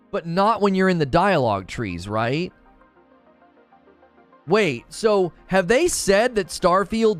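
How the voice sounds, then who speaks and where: Animated opinionated male stream host. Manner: animated, opinionated, thinks aloud; briefly mimics cartoon voices in a high falsetto. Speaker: gaming news host reading live chat. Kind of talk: casual livestream commentary.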